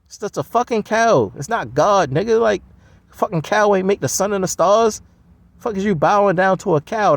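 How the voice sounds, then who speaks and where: A man's voice: sits high, animated, moderate pace, vocal fry, no echo. A man delivering a blunt, heavily profane, scoffing solo rant. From United States.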